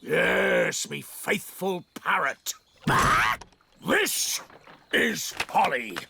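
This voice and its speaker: An actor voicing a boisterous elf pirate in a cartoon, booming out sea-dog slang. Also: male voice, big pitch swings, drawn-out words, creaky, sharp tone, a little hiss or hum, heavily acted. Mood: wistful. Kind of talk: cartoon voice acting.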